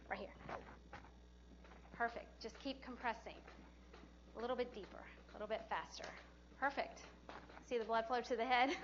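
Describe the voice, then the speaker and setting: A woman's voice: on the high side, sharp tone, highs cut off, slight background noise. A woman teaching a hands-on CPR class in a training room, chatty and encouraging, often laughing as she talks. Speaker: CPR instructor.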